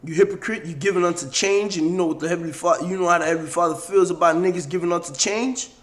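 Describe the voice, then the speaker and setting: A man with a slightly raised voice leads a casual scripture study. He speaks bluntly and coarsely between verses. When he reads the verses aloud, he slows right down. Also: sits high. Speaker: scripture teacher.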